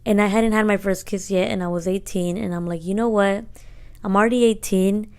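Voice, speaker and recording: A woman's voice: medium pitch, steady tone, a little fast, a little mellow, smooth. Slangy young woman telling a story. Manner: slangy, playfully re-enacts dialogue. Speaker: podcast co-host. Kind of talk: casual storytelling.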